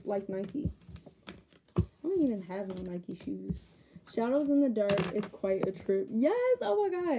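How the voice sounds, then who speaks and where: A woman hosts a live tarot reading with a notably dark, mellow tone. She talks loosely and warmly to her viewers and laughs often between points. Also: mid-range voice, a little hiss or hum. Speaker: psychic tarot reader.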